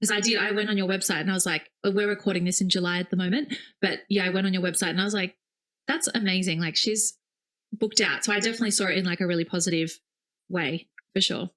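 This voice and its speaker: A woman's voice: fairly low pitch, steady tone, racing, fairly bright tone. Enthusiastic woman podcast co-host. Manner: friendly, enthusiastic questioning. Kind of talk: conversational podcast interview.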